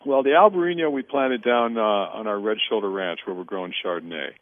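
Middle-aged guy, lowish voice, chatty storyteller, sounds like a phone line, dry. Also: brisk, dry recording. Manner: storytelling, animated, quotes others in dialogue; many fillers and restarts. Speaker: winery owner, guest. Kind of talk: relaxed radio interview chat. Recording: tinny phone-line radio audio.

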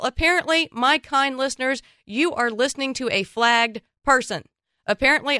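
A woman's voice: medium pitch, sharp tone, clean tone, dry recording, studio quality. A woman hosting a radio talk show, chatting in a self-mocking, joking way while congested from a cold. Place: radio studio.

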